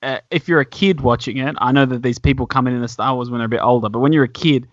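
A man in a casual podcast chat, animated and joking, swearing casually. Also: medium pitch, quick pace, dry recording. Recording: dull, lo-fi, dry sound.

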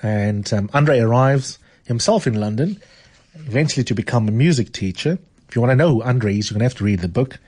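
Husky-voiced male radio host. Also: mid-range voice, expressive, a little fast, darkish tone. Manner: chatty, repeats words when thinking. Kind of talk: casual radio chat and book reading.

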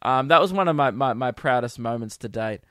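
A man's voice: medium pitch, lively intonation, a little fast, dry recording. Crude, self-amused Australian man, dry sound. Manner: crude, self-amused, rambling with fillers and loud outbursts. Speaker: comedian podcast host. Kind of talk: casual storytelling monologue.

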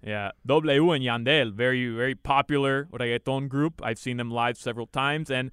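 A man's voice: medium pitch, normal speed, a bit bright, clean tone, no room sound, studio quality. A man co-hosting a sports talk show, chatting casually and boasting playfully. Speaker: radio show co-host. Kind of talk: casual sports radio banter.

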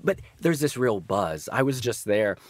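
A man as an interview guest, telling stories in a vivid, expressive way and laughing now and then. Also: mid-range voice, a little slow. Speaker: guest author. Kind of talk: interview conversation.

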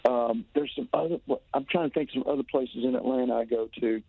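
A Southern man talks eagerly down a tinny phone line, circling back over his words and tumbling into restarts. His voice sits at a middle pitch, and the call sounds dry and boxy, with no room around it. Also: a little fast, vocal fry, slightly rough, no echo. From Tennessee. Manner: rambling, enthusiastic, many restarts and fillers. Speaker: touring musician guest calling in. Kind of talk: casual phone interview. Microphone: telephone.

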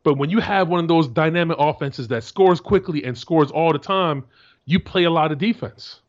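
A man co-hosting a casual sports talk show, telling animated stories and often restarting his sentences. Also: a little high, moderate pace, dull audio. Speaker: co-host, former NFL defensive tackle.

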